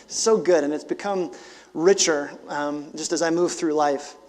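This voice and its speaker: Animated high-voiced pastor in his forties. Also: moderate pace, in a large hall. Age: 40s. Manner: animated, conversational preaching with emphatic bursts. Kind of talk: sermon.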